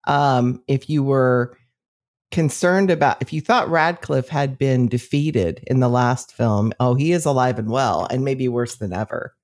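A woman's voice: a bass voice, measured pace, a little mellow. A woman co-hosting a podcast, sharing film trivia and agreeing in casual chat. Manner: thoughtful, shares trivia, agreeable. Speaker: podcast co-host.

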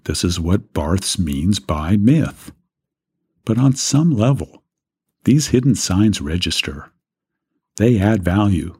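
A man who teaches a business course, giving a scripted lecture in a measured way and posing rhetorical questions. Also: deep voice, very animated, darkish tone, slightly rough.

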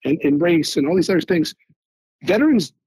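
A man from Philadelphia, an Army veteran and guest on an interview show, telling stories in an animated way and often repeating words as he searches for them. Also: fairly high pitch, brisk, husky, no room sound, rough recording. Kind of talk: casual interview storytelling.

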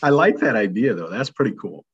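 A man's voice: on the low side, lively intonation, brisk, breathy edge, lo-fi sound. A man from Iowa hosting a podcast, chatting casually, joking and reacting with short agreements. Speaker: podcast host. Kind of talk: casual chat.

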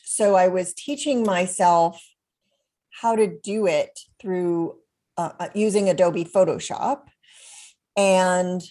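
A woman's voice: lowish voice, vocal fry, a little mellow. Rambling, thoughtful middle-aged woman. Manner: thoughtful, rambling, with many restarts. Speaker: guest, self-taught collage artist. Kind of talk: conversational interview.

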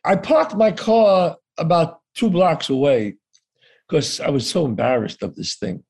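A man's voice: fairly high pitch, sing-song, unhurried, gravelly, darkish tone, slightly rough. A man telling a story as an interview guest, acting out the dialogue and swearing casually.

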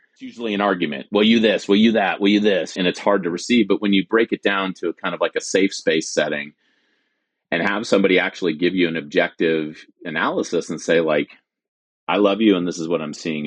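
A man's voice: sits low, dry recording. A man in his forties, a military veteran, telling his story candidly and acting out remembered conversations. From United States. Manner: earnest, candid, acts out quoted dialogue. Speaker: veteran guest. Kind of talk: personal storytelling.

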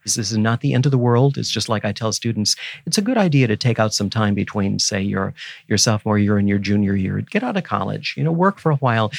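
A man's voice: on the low side, fast, vocal fry, no room sound, studio quality. A man in his seventies, a guest scholar in an interview, talking in an earnest, teacherly and emphatic way. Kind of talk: reflective interview conversation.

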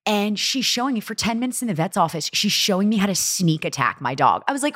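A young woman co-hosting a casual chat podcast, telling animated stories and acting out what people said. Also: mid-range voice, fast, no room sound, studio quality. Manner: animated storyteller, acts out quotes. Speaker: podcast co-host.

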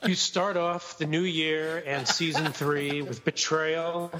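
A man's voice: fairly high pitch, fairly even intonation, slow pace, sharp tone, in a large hall. A man co-hosting a podcast, chatting about a film in a playful, mock-offended way. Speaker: podcast co-host. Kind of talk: casual film discussion.

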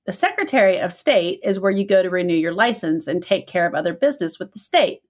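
A woman from the American Midwest with a Midwestern accent, co-hosting a casual chat, chatty and quick to laugh. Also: on the low side, animated. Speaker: podcast co-host.

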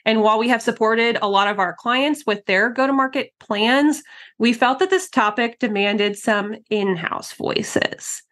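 A woman's voice: on the high side, unhurried, a bit bright. A woman hosting a marketing webinar in a bubbly, casual way, with lots of fillers and laughs. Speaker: podcast host.

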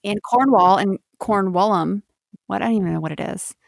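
An American woman co-hosting a podcast, chatting casually, quick to laugh and joke at herself. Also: medium pitch, vocal fry, no room sound, clean studio sound. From United States. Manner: chatty, self-deprecating, laughs often. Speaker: podcast co-host. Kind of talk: casual chat.

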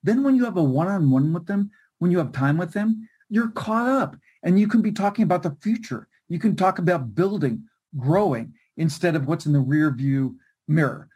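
Husky, emphatic man explaining with energy. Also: fairly high pitch, expressive, normal speed, darkish tone. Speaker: guest, newsletter writer and co-author. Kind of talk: interview, explaining to a webcast audience.

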